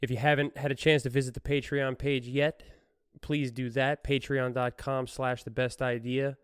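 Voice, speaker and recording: A man casually discusses a news story on his own podcast, laughing often throughout. He speaks at medium pitch with flat delivery and normal speed, in a clean tone with no room sound and clean studio audio.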